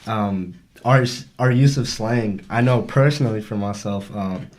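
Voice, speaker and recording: A young man speaks in a low voice during a casual group discussion. His diction is slangy and a little slurred. His tone stays earnest and steady. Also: unhurried. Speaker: podcast co-host.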